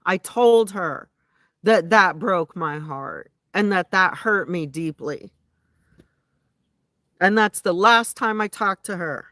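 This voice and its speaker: A woman's voice: mid-range voice, pushed and bright, dry recording, studio quality. A woman ranting indignantly to her viewers in a rambling, casual way, often restarting her sentences. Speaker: vlogger. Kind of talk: casual venting rant to viewers.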